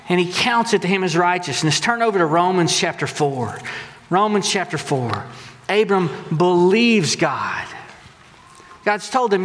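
A man, preaching a sermon as pastor, telling stories animatedly and acting out quotes. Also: high voice. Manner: animated storytelling with acted-out quotes. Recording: long hall reverb.

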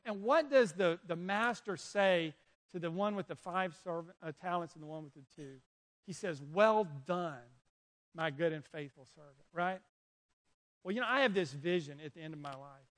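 A man preaching a sermon to young people, telling stories and urging listeners directly. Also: high voice. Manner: animated, storytelling, urges listeners directly. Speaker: youth pastor. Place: indoor room with an audience.

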